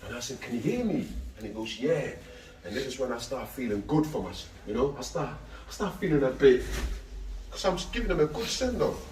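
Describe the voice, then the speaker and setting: A man's voice: mid-range voice, sing-song, a little fast, a little mellow, a little hiss or hum. A man tells an emotional street talk, intense and repetitive, pleading with listeners he calls Aki. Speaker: speaker recounting a friend's death. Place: outdoors on a street. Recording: echoey, distant, faint ambience.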